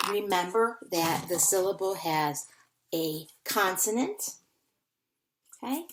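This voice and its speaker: A woman's voice: mid-range voice, slight background noise. A woman teaching a phonics lesson to young children, patiently repeating words to sound them out.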